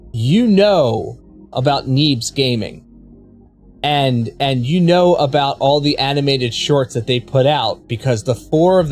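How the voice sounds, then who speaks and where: A man with a Baltimore accent chats with his stream viewers in a loose, rambling way, often repeating words as he restarts a thought. His voice sits a little higher than most men's. Soft music plays faintly under him. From Baltimore, USA. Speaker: game streamer. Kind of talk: casual live-stream chat with viewers.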